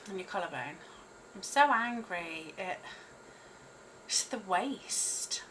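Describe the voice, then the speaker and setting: A woman's voice: medium pitch, animated, slow pace, fairly bright tone, slight background noise, poor audio. A woman guiding listeners through a tapping exercise, repeating short prompts between the tapping points, swearing freely and laughing at herself. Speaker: host leading a tapping exercise. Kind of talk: guided tapping session, casual and profane.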